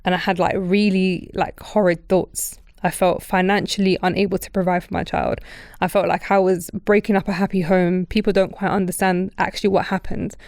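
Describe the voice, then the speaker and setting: In a studio-quality recording with no room sound, a podcast host from Britain speaks with a fairly low pitch at a moderate pace. She recounts her own story in a candid, casual chat, animatedly voicing the people in it.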